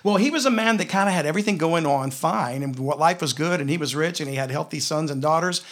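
A man with a Southern US accent leads a relaxed Bible lesson. His voice sits a little higher than most men's. He tells the stories in an easy, chatty way and slows down when he reads scripture. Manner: storytelling, slows down to read scripture. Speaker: Bible teacher.

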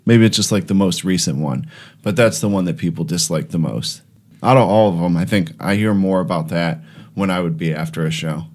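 A man's voice: sits low, fairly quick, a little mellow. A male stand-up comedian in a casual chat, speaking hesitantly and with self-deprecation.

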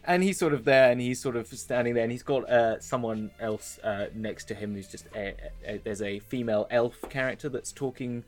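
A man's voice: mid-range voice, a little fast, hardly any pauses, faint music behind. A man narrating as dungeon master, rambling and hedging with many fillers. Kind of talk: narrating a tabletop game.

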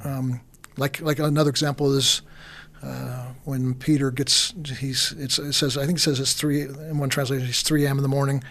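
A man's voice: mid-range voice, level tone, normal speed, fairly bright tone. Rambling man talking faith. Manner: rambling, repeats words, frequent fillers. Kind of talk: casual conversation about faith.

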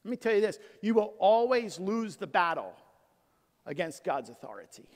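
A middle-aged man, a pastor, preaching a sermon with emphasis, swinging from loud to hushed. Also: high-pitched, sing-song, moderate pace. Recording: long hall reverb.

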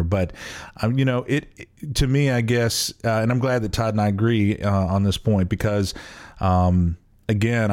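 A podcast host with a medium-pitched, slightly mellow voice rambles through casual chat. He pokes fun at himself, trailing off and then starting over.

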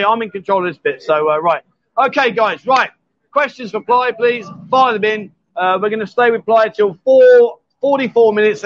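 A man's voice: high-pitched, a bit bright, no echo, lo-fi sound. A man hosting a live stream from a bar, joking and teasing his guests in casual banter. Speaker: host.

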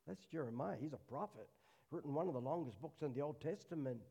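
A man's voice: a little high, moderate pace. Earnest male preacher giving a sermon. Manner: earnest, drops to a hush on solemn lines. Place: church service.

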